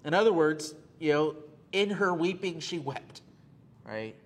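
A man's voice: on the high side, animated, a little slow. A male pastor preaching a sermon, earnest and repeating key phrases for emphasis, with frequent "uh" fillers.

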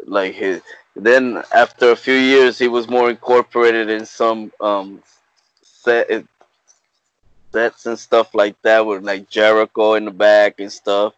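A man's voice: fairly low pitch, flat delivery, clear, resonant tone, no echo. A man chatting casually on a podcast, often losing his words and trailing off. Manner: halting, loses his words. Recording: dull lo-fi sound.

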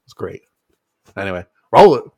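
A man's voice: on the low side, normal speed, gravelly, no echo. A man casually bantering on a podcast with friends, joking and swearing as he tells a story. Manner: joking, profane, animated storytelling. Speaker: podcast co-host.

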